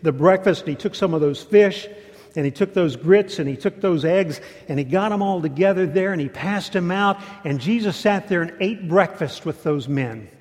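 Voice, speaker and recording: A preacher with a slightly high voice tells the story in a lively, repetitive way. A long reverb fills out every phrase. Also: male voice, moderate pace. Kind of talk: sermon.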